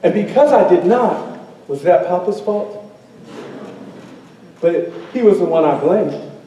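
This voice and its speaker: A high-pitched man slowly narrates a story to a live school-auditorium audience, engaging them playfully with call and response. The recording is distant and very echoey, with a touch of hiss or hum.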